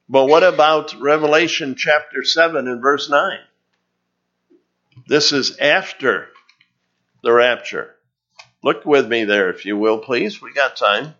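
Slow-talking male preacher, muffled recording. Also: mid-range voice, bright, forceful tone. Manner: earnest teaching tone, reading scripture aloud. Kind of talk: sermon.

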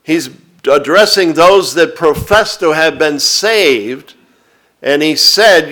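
Slowly and deliberately, a preacher reads scripture to his congregation and unpacks its meaning, his voice a little high and a bit bright.

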